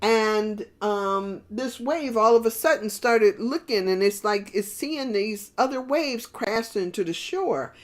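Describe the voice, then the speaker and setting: A woman's voice: mid-range voice, takes it slowly, few pauses. A woman preaching a sermon in a rambling, conversational way with many fillers and restarts.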